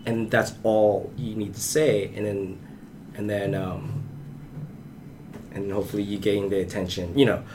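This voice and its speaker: A man's voice: lowish voice, level tone, unhurried, long pauses, a little mellow, a little hiss or hum. A man, an aspiring novelist, talking casually in a panel discussion with many restarts and fillers. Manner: rambling, frequent restarts and fillers.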